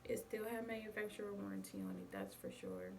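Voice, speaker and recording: A woman's voice: mid-range voice, very animated, a little fast, gravelly. A young woman chatting casually to her viewers, telling a story and calling them y'all. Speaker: vlogger. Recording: distant mic with faint background noise.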